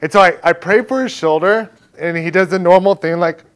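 A man's voice: high-pitched, clear, resonant tone. A man telling a personal faith testimony in a casual, chatty way, full of "like" and "right?" and acting out what others said. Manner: acts out others' lines in quick back-and-forth. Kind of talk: casual spoken storytelling.

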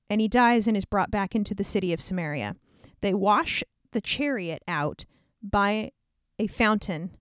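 A woman's voice: mid-range voice, no room sound, clean studio sound. A woman casually retelling an old scripture story in a slangy, irreverent way, peppered with "like". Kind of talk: casual comedic Bible retelling.

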